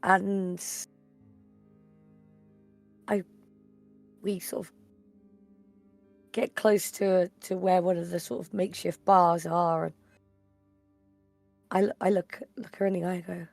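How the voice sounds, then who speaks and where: A woman role-playing her character at a game table, earnest and formal, with a slow, gravelly delivery. The room is dry, with faint music behind. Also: fairly low pitch, level tone, a little mellow, no room sound. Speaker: player.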